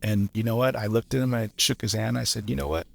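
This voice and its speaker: A man around fifty, a journeyman lineman and podcast guest, telling stories in a blunt, profane, animated way. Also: medium pitch, fast, gravelly. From Los Angeles area. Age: 50s. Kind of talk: casual storytelling chat.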